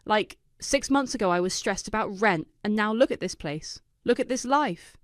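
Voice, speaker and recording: A woman voicing a gushing, self-satisfied young female influencer who talks in sugary, showy speeches, her voice smooth and dry. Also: mid-range voice, expressive, moderate pace, no room sound, natural voice. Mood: tipsy.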